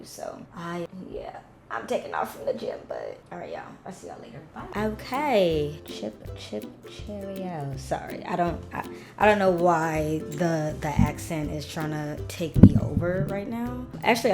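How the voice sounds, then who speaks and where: A young woman chatting casually as a recap vlogger, rambling with asides to her viewers. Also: low-pitched.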